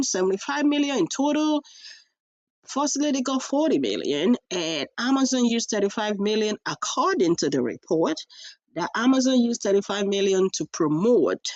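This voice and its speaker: A woman's voice: fairly high pitch, darkish tone, no echo, highs cut off. A woman hosting a reaction channel, chatting casually to viewers with rhetorical questions and direct asides.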